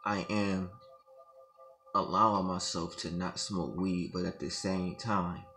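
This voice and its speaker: Man, low gravelly voice, slow measured reflective talk, echoey, music behind. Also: fairly even intonation, bright, forceful tone.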